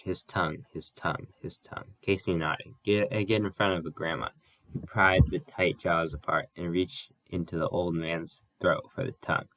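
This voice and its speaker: A man reading a novel aloud as an audiobook, careful and unhurried, with small slips he corrects. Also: sits low, a bit bright, no room sound, poor audio. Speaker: audiobook reader. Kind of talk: audiobook narration.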